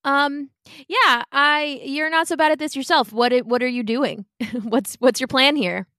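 A woman's voice: high voice, unhurried, bright, forceful tone, no echo, clean studio sound. A woman playing a tabletop game, asking questions in a playful, chatty way. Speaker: player. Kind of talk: casual tabletop play.

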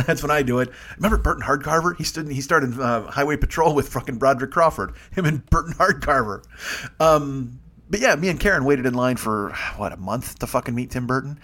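Dude rambling fast on his comedy podcast, swears a lot, keeps going off on tangents, laughs at himself. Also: mid-range voice, fairly bright tone. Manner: profane, digressive, self-mocking. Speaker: podcast host.

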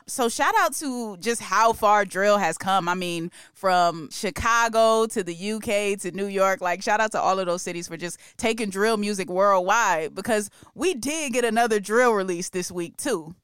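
A man co-hosting a music news show, chatting casually in an animated, slang-filled way and laughing often. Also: high-pitched, moderate pace, hardly any pauses, clean tone, dry recording, studio quality. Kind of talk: casual chat.

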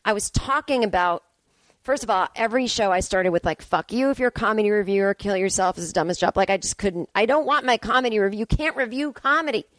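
Woman, podcast host, blunt ranting, swears freely, casual comedic monologue, mid pitch, dry close sound. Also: fast talker, fairly bright tone, no room sound. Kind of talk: casual comedic monologue, reading listener emails. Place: at home.

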